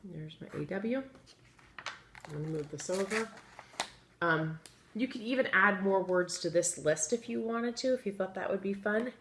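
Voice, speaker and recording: A woman teaching a phonics lesson to young children, patient and encouraging, sounding out letters slowly. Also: medium pitch. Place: classroom with chalkboard. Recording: echoey room, faint ambient noise.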